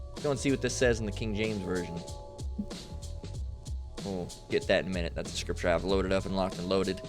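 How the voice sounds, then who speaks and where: A man giving rambling scripture commentary, profane and emphatic, with many restarts and tag questions. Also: fairly low pitch. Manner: profane, emphatic, full of restarts and "all right?". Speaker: religious commentator.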